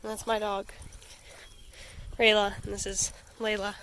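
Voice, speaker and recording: A slow-talking woman with a bright, somewhat high voice and a gravelly edge. She chats casually in a home pet vlog, giggling and cooing at her animals. Faint noise sits under her voice. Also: level tone. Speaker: pet vlogger.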